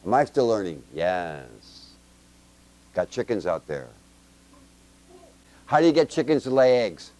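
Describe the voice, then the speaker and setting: A man's voice: fairly low pitch, sing-song, a little mellow. Man quizzing a congregation. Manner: quizzes the audience with quick questions; chatty and joking, with homespun examples. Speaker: Bible teacher. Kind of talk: informal Bible teaching to a congregation with children.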